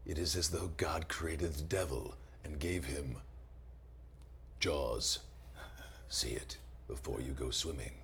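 A man imitating a dramatic male movie-trailer narrator, slow and ominous. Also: very deep voice, gravelly, a bit bright, slight background noise, voice pushed down, heavily acted. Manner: slow, ominous, measured delivery.

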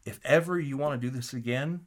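A man telling a story as an interview guest, animated and acting out the quotes, with frequent restarts. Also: mid-range voice, brisk. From Kansas City area.

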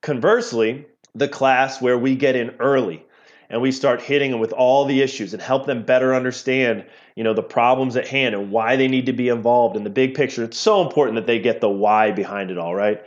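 A middle-aged physical therapy professor appears as a guest in a casual interview, explaining things at length and often repeating words as he goes. He speaks briskly at medium pitch, and the lo-fi audio is slightly dull.

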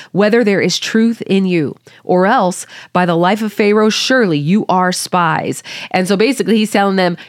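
A woman's voice: medium pitch, no echo, studio quality. A woman reading the Bible aloud and stopping to muse informally on each passage. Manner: reads scripture then muses aloud informally. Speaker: Bible study teacher.

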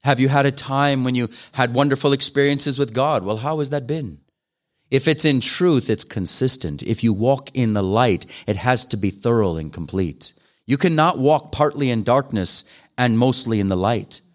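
An older man, a guest preacher, delivers an earnest, pleading sermon, pressing listeners with questions that build into fervent appeals. His voice is medium-pitched at normal speed.

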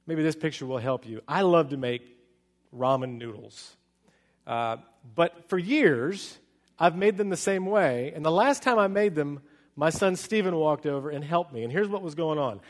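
A middle-aged man preaches with a fairly high voice, moving from bursts of loud excitement down to slow, hushed stretches. His sermon carries the long reverb of a large hall around it. He tells stories like a pastor speaking to his congregation.

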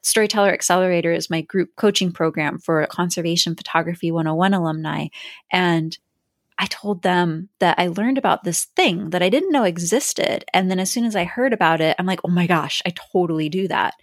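A woman hosting a podcast in casual chat, telling stories in a lively, animated way. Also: fairly low pitch, a little fast, dry recording, clean studio sound. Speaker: podcast host.

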